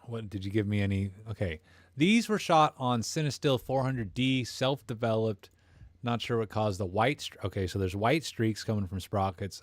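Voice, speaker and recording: A man hosts a casual live stream, rambling from one thought to the next and cracking jokes at the chat. His voice sits a little low. The sound is close and dry, with no room around it. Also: a little mellow, no room sound. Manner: rambling, jokey, reads chat comments aloud. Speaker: host of a live camera stream.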